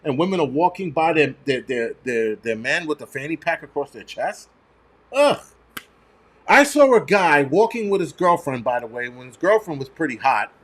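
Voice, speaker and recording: A man's voice: on the high side, big pitch swings, moderate pace. A man, ranting and swearing loosely on a casual livestream. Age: 40s. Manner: profane, ranting, mocking. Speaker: livestream host.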